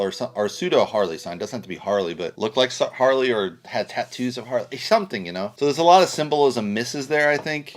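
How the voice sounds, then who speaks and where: A man giving a casual spoken film review, blunt and rambling, with casual swearing. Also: fairly low pitch. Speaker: movie reviewer.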